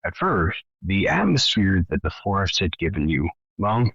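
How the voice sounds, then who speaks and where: Lively low-voiced game master narrating. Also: male voice, normal speed, vocal fry, breathy edge, no echo, highs cut off. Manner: dramatic, rambling narration.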